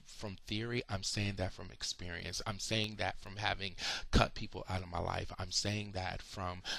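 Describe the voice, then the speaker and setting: A sleepy, yawning man and motivational speaker, giving an emphatic, encouraging personal video message and slowing down to stress his points. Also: low-pitched, vocal fry, sharp tone.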